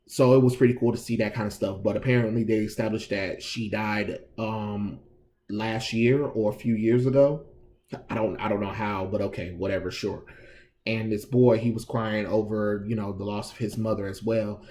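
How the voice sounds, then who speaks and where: A man's voice: fairly low pitch, steady tone, normal speed, darkish tone, a little hiss or hum. A man giving a casual, exasperated review of a comic book, sarcastic, slangy and full of restarts.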